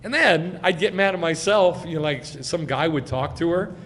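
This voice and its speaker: A man giving a sermon as a rabbi, speaking with emphasis and swelling loud on key phrases. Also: a little high, normal speed, in a large hall, slight background noise. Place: congregation sanctuary.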